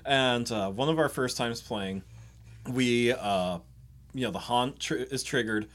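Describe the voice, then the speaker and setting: A man co-hosting a podcast, telling game stories in a relaxed way and laughing often. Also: mid-range voice, unhurried. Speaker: podcast co-host. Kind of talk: casual chat.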